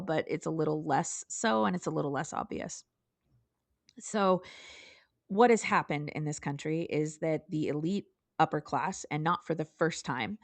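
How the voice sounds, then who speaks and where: A woman's voice: sits low, creaky, no echo. A woman co-hosting a podcast, talking earnestly and emphatically in casual political discussion. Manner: earnest, emphatic, pleading at times. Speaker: podcast co-host.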